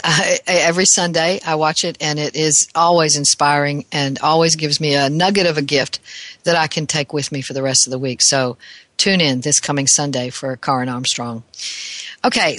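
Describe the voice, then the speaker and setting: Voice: medium pitch, bright, forceful tone, no echo. Earnest host, dry close sound. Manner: earnest, with frequent restarts and slowed emphasis. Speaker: talk show host and counselor. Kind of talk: reflective talk on self-compassion.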